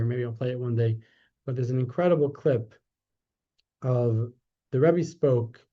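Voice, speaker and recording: A man teaching a class as a rabbi, telling a story in a conversational way, correcting himself, and growing animated when he makes his point. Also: medium pitch. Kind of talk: storytelling lecture. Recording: dull lo-fi sound.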